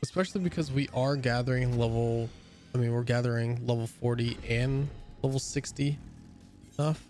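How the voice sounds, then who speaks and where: A man's voice: medium pitch, fairly even intonation, moderate pace, darkish tone, faint music behind. A young man streaming a game, chatting casually and rambling with lots of fillers and restarts, sounding a bit tired. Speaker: gaming streamer. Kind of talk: casual chat while playing a game.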